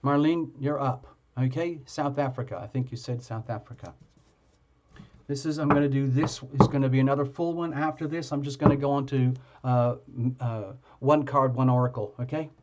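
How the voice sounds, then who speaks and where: A man of middle pitch hosts a live tarot stream in casual, rambling chat, stopping and restarting his sentences often. The sound is a little dull and muffled, like ordinary live-stream audio. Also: fairly even intonation, a little mellow. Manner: chatty, halting, many fillers and restarts.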